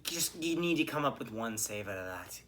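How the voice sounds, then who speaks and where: Bright-voiced man ranting about hockey. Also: mid-range voice, normal speed, slight background noise. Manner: animated, swearing, ranting. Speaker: podcast host. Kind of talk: solo hockey game reaction.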